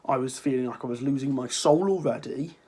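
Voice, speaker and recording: Teen boy ranting on his channel, stuffy sick voice, husky, sarcastic and sweary. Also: medium pitch, a little fast, mellow. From Ireland. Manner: sarcastic, rambling, swears freely. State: sick with a cold, sniffling. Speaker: vlogger. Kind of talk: casual ranting vlog.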